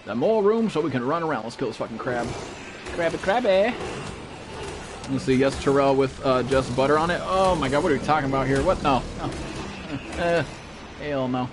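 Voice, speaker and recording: A male gaming streamer riffing live with viewers, loose and profane, tossing "bro" and "dude" into everything. His voice sits at an ordinary middle pitch. A steady wash of noise runs under the recording. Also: moderate pace. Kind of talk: casual live-stream commentary.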